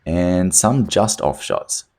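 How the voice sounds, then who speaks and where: Deep-voiced Australian man, wry voice-over. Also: animated, slow, mellow, a little hiss or hum. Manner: wry, self-deprecating delivery. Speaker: vlogger narrating. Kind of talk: scripted voice-over narration.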